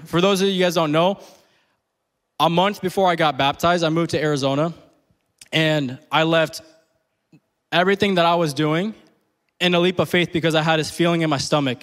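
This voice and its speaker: A young man giving an earnest, conversational sermon full of fillers, sometimes rising to near-yelling. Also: on the high side. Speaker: preacher. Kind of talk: casual sermon.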